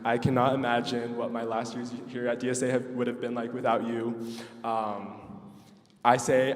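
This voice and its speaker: A young male student pianist giving an emotional thank-you speech at his recital, with many ums and nervous laughs. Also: mid-range voice. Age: young adult. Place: recital hall with audience. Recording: distant voice in a reverberant hall.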